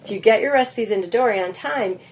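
A middle-aged woman, a pastry chef guest on a podcast, telling lively anecdotes full of "like" and "you know". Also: fairly high pitch, quick pace. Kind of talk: casual interview storytelling.

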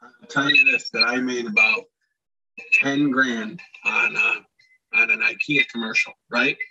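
A man, a former ballplayer, telling animated stories in a casual interview, acting out shouted quotes as he goes. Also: mid-range voice, a little slow, husky, distant mic, highs cut off. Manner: animated, acts out shouted quotes, many restarts.

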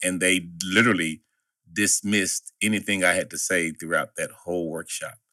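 A man's voice: low voice, fairly even intonation, moderate pace, bright, forceful tone, dry recording. A middle-aged man co-hosting a podcast, telling a personal story in an earnest way. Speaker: podcast co-host. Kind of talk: podcast conversation.

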